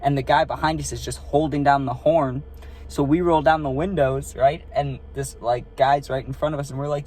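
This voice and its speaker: A young man sits in his car and tells a story in a loose, rambling way. He swears freely, piles up fillers, and keeps checking in with the listener. His voice sits at an ordinary middle pitch for a man. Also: steady tone, normal speed, darkish tone. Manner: rambling, profane, filler-heavy, asks listener "right?". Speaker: storytime vlogger. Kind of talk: casual storytelling. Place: parked car.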